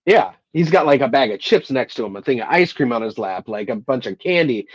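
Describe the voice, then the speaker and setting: A man's voice: medium pitch, animated, fairly quick, no room sound, highs cut off. A man co-hosting a casual podcast chat, rambling a little and acting out quotes. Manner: rambling, quotes lines in a raised voice. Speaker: podcast co-host. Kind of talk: casual chat about a film.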